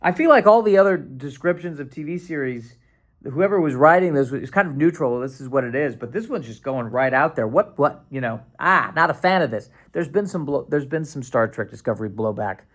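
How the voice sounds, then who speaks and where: A male podcast host with a gravelly edge, talking loosely and sarcastically. He often restarts his sentences and slips into playful mock panic. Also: medium pitch, animated, a little fast, fairly bright tone. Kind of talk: casual solo podcast rambling.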